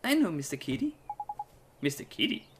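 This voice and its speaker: A man voicing a mysterious little ghost girl, speaking in a soft, raised voice. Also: fairly high pitch, very animated, fairly quick, noisy background, voice pushed up.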